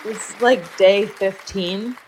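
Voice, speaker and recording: A woman recovering from the flu, chatting on a casual show. She rambles through her story with lots of "like" and fillers, in a mid-pitched voice. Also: takes it slowly, crowd noise, background noise. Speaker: guest. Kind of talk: casual chat.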